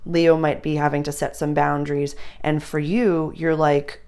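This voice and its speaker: A woman talks casually through an astrology reading, addressing the listener directly. Her voice sits low and carries a gravelly fry. At times she sinks to an intimate whisper. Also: flat delivery, moderate pace, a little mellow. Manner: chatty, speaks straight to the listener, drops to a whisper at times. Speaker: astrology reader.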